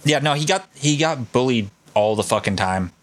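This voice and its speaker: A man hosting a podcast, telling a story in casual, profane and excited chat. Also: medium pitch, normal speed, no echo. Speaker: podcast host.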